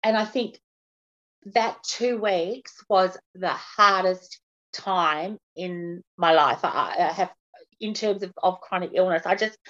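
Podcast guest, woman, mid-pitched, candid and earnest; muffled lo-fi sound. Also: a bit bright. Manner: open, earnest, speaks frankly about hardship. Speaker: podcast guest, patient advocate. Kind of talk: candid personal interview. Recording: dull lo-fi audio.

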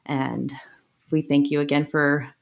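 A woman's voice: low-pitched, flat delivery, unhurried, vocal fry. A woman co-hosting a casual podcast, effusive and upbeat, wrapping up the show. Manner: warm and effusive, wraps up the show. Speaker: podcast co-host. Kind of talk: casual chat.

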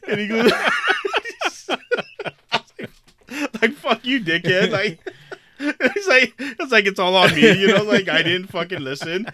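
A man's voice: high-pitched, unhurried, pauses often, pushed and bright. A man on a podcast telling a story in a casual chat, profane and laughing often. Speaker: podcast co-host.

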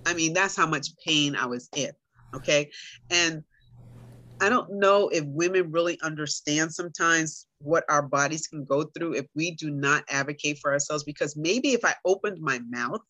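A woman's voice: sits low, moderate pace, bright, forceful tone, no echo. A middle-aged woman in casual conversation, telling her own story animatedly and talking straight to her listeners. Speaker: guest sharing her story.

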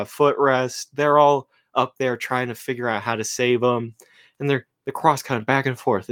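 A woman chatting casually as a podcast co-host, animated and jokey, rambling through a movie scene. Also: a bass voice, clean tone. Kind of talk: casual chat about a movie.

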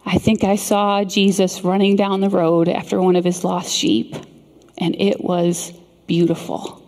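A middle-aged woman giving a sermon, telling a story in an earnest, measured way with dramatic pauses. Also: fairly low pitch, completely flat delivery, a little mellow. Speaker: speaker. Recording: long hall reverb.

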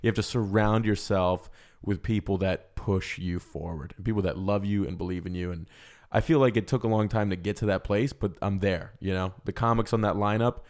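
A young man hosting a comedy podcast, talking in a loud, crude, joking way. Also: on the low side, fairly even intonation, fairly quick. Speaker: podcast host. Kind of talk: casual comedy podcast chat.

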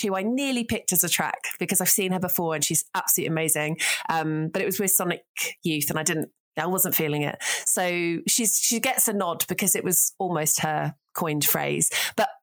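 A woman, a music writer, chatting as a podcast guest, enthusiastic and quick to laugh. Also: on the low side. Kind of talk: casual chat.

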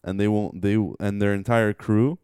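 Brief: young man, low voice, smooth and clear, dry close sound, relaxed slangy chat. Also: moderate pace, dry recording. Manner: laid-back slangy talk with restarts. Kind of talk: casual chat.

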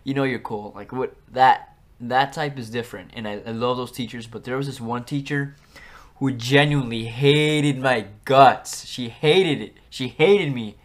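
A man's voice: mid-range voice, unhurried. A young man hosting a podcast, telling stories from his school days in a chatty, rambling way, full of fillers and restarts. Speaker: podcast host. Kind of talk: casual storytelling.

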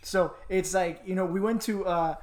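A man co-hosting a casual chat podcast, telling stories with animated voices for the people in them. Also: normal speed. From Miami. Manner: animated storyteller, acts out voices with big pitch jumps. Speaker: podcast co-host.

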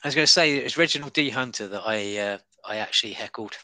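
A man's voice: medium pitch, fast, sharp tone, no room sound. A man, a stand-up comedian, chatting as a guest over an online call, rambling with lots of fillers and restarts and chuckling as he goes. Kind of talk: casual interview chat. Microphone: online call app.

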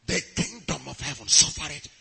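A man preaching a sermon, chanting and rising to shouts, then dropping to hushed asides. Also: on the high side, lively intonation, moderate pace, vocal fry.

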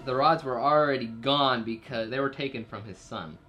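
A man's voice: mid-range voice, moderate pace, sharp tone. Guy rambling thru a tv plot recap, lots of ums, little jokes, faint music behind. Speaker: podcast co-host recapping a TV episode. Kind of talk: casual chat.

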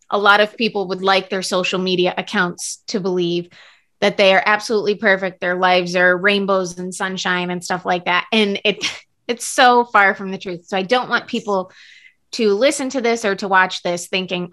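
A woman's voice: medium pitch, steady tone, normal speed, a bit bright. A woman co-hosting a podcast, chatting earnestly and casually with lots of fillers. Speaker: podcast co-host. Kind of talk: casual chat.

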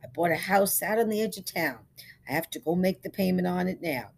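A woman reading the part of a confused, gentle middle-aged eccentric man who speaks haltingly and repeats himself. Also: on the low side, animated, gravelly. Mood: quiet. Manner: halting, pleading, repeats words.

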